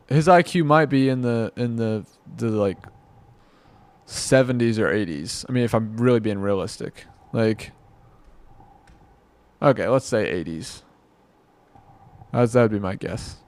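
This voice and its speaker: A man's voice: medium pitch, measured pace, long pauses, darkish tone. A man giving rambling, exasperated reaction commentary, muttering to himself and mocking what he watches. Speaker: commentary vlogger.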